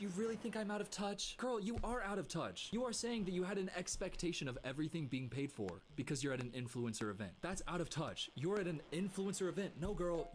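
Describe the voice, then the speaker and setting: Animated sarcastic man reacting to clips. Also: on the high side, a little hiss or hum. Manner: mimics others in a whiny voice. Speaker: streamer reacting to videos. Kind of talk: casual commentary.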